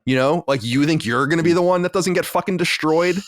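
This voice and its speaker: A man hosting a podcast, chatting casually, excitable, with stammering restarts and laughter. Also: on the high side, a little fast, no echo, studio quality. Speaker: podcast host. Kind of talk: casual chat.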